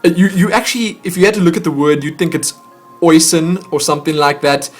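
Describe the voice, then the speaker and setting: A man's voice: fairly high pitch, quick pace, soft background music. A man hosting a vlog, chatting casually and poking fun at himself as he stumbles over foreign words. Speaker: vlog host opening fan mail. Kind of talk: casual chat to camera.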